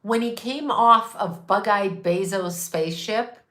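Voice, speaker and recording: A woman's voice: mid-range voice, unhurried, fairly bright tone. A woman in her fifties hosting a casual, rambling monologue, irreverent and profane, with laughing asides. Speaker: host. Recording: echoey room.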